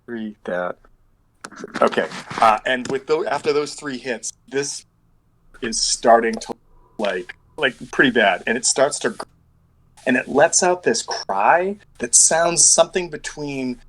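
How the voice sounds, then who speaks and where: A man's voice: mid-range voice, animated, a little slow, a bit bright, a little hiss or hum, rough recording. A man running a tabletop game as game master over an online call, rambling and thinking aloud as he works out dice math.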